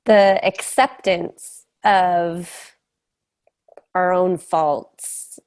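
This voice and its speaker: A woman's voice: on the low side, steady tone, extremely slow, a little mellow. A woman co-hosting a church talk, asking thoughtful questions.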